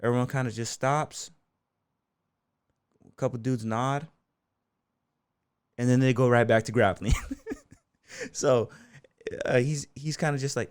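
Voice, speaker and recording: Unhurried and full of long pauses, a clear, resonant mid-range voice comes through in a dry, studio-quality recording. The speaker is an American podcast guest, a bull rider who owns a gym, loosely rambling through casual stories in an interview, with fillers like "you know" and "man."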